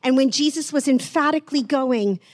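A woman preaching gently in an online sermon, slowing down to stress words and dropping almost to a whisper. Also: sits high, no echo, studio quality. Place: online church service.

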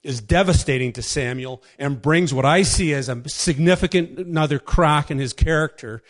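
A man preaching a casual sermon, telling a story with quick voiced asides and chuckles. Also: on the high side.

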